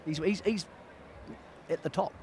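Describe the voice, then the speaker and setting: A man's voice: fairly high pitch, unhurried, darkish tone, a little hiss or hum. A man hosting a racing show, chatting with a trainer in a matey way and asking leading questions. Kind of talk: casual interview. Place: outdoors at a racecourse.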